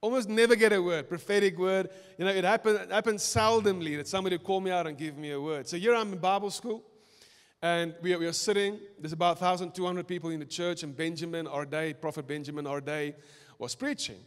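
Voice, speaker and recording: A young South African man preaching a sermon, telling his own story in an animated way that swings between loud and soft. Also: high voice, fast talker, smooth. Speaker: pastor. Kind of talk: sermon with personal testimony. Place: church auditorium. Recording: reverberant church hall.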